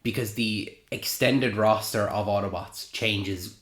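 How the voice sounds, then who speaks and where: Man, podcast co-host, low voice, measured and reflective, roomy echo. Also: a bit bright. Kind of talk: casual film review chat.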